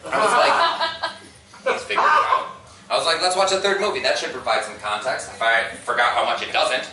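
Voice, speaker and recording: Lively stand-up comic father, echoey stage. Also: medium pitch, a little fast. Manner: storytelling with acted-out quotes, laughing at his own jokes. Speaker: stand-up comedian. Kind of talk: stand-up comedy set. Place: convention stage before a live crowd. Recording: echoey room, far from the mic, noisy.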